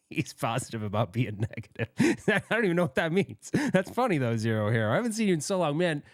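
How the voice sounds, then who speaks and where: A man hosting a laid-back livestream, his pitch swinging up and down as he rambles through viewer comments. He pokes fun at himself and laughs often. The sound is close and dry, with no room around it. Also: very animated, fast, hardly any pauses, dry recording. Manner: rambling, self-deprecating, laughs often, friendly banter. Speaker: livestream host. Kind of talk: casual livestream chat, reading out viewer comments.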